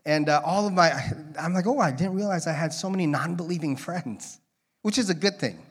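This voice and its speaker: Male preacher, a touch higher-pitched, loose and conversational, prone to jokes and rambling tangents in a church setting. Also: a little fast, slightly rough. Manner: rambling, joking, drifting into tangents. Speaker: guest preacher. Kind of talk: casual conversational sermon. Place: church, in front of a congregation.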